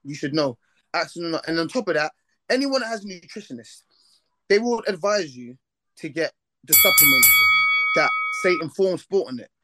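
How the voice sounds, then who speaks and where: A man on a boxing talk panel, speaking passionately and forcefully about his views. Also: fairly high pitch, very animated, a little fast. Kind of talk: casual panel discussion.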